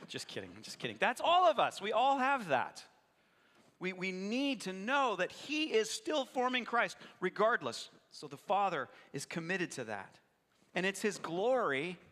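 Bright-voiced man preaching in an echoing hall. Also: high-pitched. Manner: animated, jokes with the congregation. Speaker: pastor. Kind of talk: sermon. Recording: long hall reverb.

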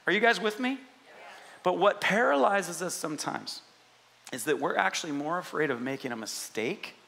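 A man pastor preaching a sermon in an animated, conversational way, often asking the congregation questions. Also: fairly high pitch, moderate pace, creaky.

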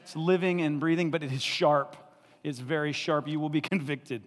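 A male pastor preaching an animated sermon, laughing often and acting out the people in the story. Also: a little high, normal speed, in a large hall.

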